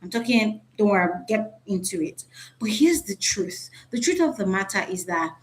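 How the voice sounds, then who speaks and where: A woman with an animated, mid-range voice teaches a live online class over a video call at a moderate pace. She is chatty, keeps checking in with "right?", and asks the audience questions.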